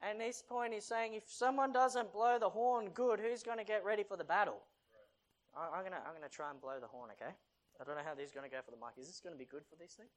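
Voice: mid-range voice, fast. Chatty playful preacher. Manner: chatty and playful, joking with the audience. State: short of breath. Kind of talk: casual sermon with a Bible reading.

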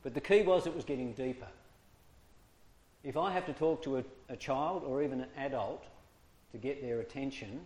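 Man demonstrating voice pitch. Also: moderate pace, long pauses, darkish tone. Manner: demonstrative, swings his voice high and low to make points. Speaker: speaker teaching discipline. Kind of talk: informal talk to a small group.

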